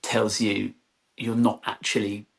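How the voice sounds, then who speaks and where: A man's voice: fairly low pitch, flat delivery, takes it slowly, gravelly. A man in his thirties, a podcast guest and content creator, telling stories in a loose, rambling way with lots of "like" and restarts. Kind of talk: casual conversational storytelling.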